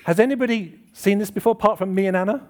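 A man's voice: high-pitched, quick pace, a little mellow. A man preaching a casual, chatty sermon to a congregation, asking them questions and joking about himself. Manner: chatty, self-deprecating, asks the congregation questions. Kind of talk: informal church sermon. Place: church hall with congregation.

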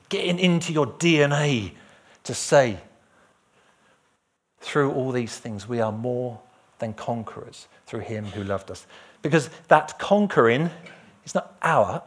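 A man preaching a lively, jokey sermon and sometimes singing a line. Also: mid-range voice. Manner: lively, jokey, breaks into song.

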